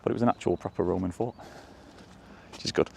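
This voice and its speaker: Moving quickly through country fields and lanes, a man offers casual, rambling walking commentary, chuckling now and then. His voice is low, gravelly and darkish, and the recording carries a little hiss or hum.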